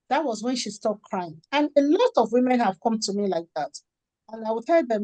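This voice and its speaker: Animated Nigerian-raised woman telling stories. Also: on the high side, moderate pace, no room sound. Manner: animated storytelling, acts out quoted dialogue. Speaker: guest, charity founder and author. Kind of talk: conversational interview.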